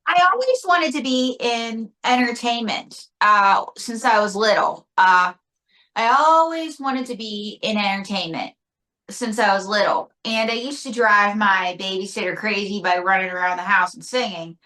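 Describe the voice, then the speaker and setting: A ventriloquist and singer with a Pittsburgh accent, chatting in an interview with a self-mocking humor. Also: female voice, medium pitch, moderate pace, sharp tone, rough recording. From near Pittsburgh. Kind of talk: casual interview storytelling.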